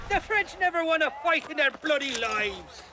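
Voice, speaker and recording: Shifty irish drunk, high bouncy voice, rambles on, noisy outdoor game audio. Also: male voice, heavily acted. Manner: rambling, wheedling, bawdy. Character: boozy Irish rogue, shifty, rambling and boastful.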